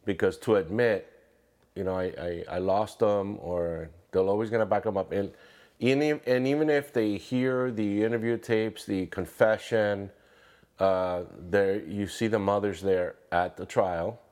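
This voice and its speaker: A man's voice: on the low side, unhurried, a little mellow. A man hosting a conversation who reflects aloud on what his guest says. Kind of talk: casual chat.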